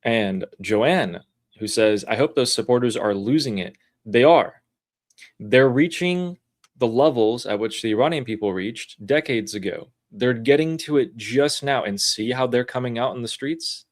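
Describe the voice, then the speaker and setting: A man co-hosting a casual livestream, reading out viewer messages and thanking supporters with quick asides. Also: medium pitch. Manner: relaxed, reads messages aloud with quick asides. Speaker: livestream co-host. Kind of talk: casual livestream chat reading super chats.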